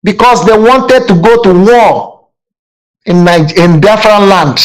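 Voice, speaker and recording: Nigerian man, very high pitch, fiery aggressive political talk, panelist. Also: takes it slowly, rough recording. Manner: fiery, aggressive, rhetorical questions.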